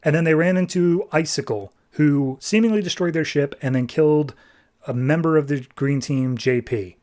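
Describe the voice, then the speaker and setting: A man's voice: fairly high pitch, moderate pace, darkish tone. A young man hosting a podcast, recapping a comic book in a loose, chatty way and acting out characters' lines. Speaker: podcast host.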